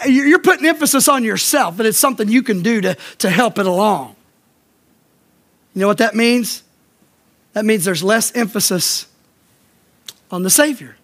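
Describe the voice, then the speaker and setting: A man's voice: very high-pitched, fairly bright tone. A man pastor preaching a sermon to his congregation, stressing points by repeating them and asking the listeners direct questions. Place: church.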